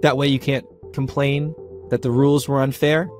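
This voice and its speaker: A man's voice: mid-range voice, flat delivery, normal speed, darkish tone, soft background music, close to an everyday voice. A man voicing a haughty, scheming banshee queen who makes grand, mocking formal declarations. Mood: imperious.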